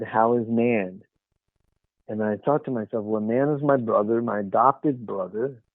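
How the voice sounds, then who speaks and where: Low-voiced man guest telling an emotional story, heard through a thin, phone-like, dry line. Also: no echo. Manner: earnest, emotional, soft dips in quiet moments. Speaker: guest, author. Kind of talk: storytelling in an interview.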